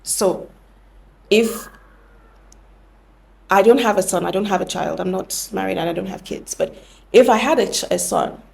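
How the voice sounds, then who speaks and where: A woman's voice: mid-range voice, moderate pace, vocal fry, long pauses. A young woman hosting a podcast, explaining things earnestly and often correcting herself mid-sentence. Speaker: podcast host. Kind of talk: reflective podcast talk.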